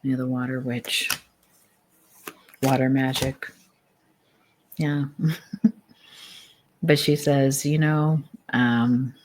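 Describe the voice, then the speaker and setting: A woman giving a channeled tarot reading, gently relaying spirit messages with soft laughs and meandering phrasing. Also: extremely low pitch. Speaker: psychic tarot reader.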